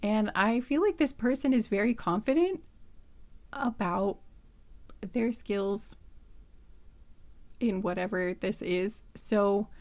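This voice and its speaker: A woman's voice: mid-range voice, slow, long pauses, darkish tone. A woman giving a casual tarot reading into a close microphone, flustered and giggly, rambling with many restarts. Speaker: tarot reader.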